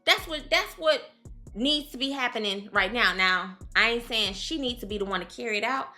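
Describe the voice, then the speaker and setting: Bright-voiced sassy woman vlogger. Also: fairly high pitch, normal speed, soft background music. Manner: sassy, animated, keeps addressing the viewer as "girl". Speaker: reality TV recap vlogger. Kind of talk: casual recap commentary.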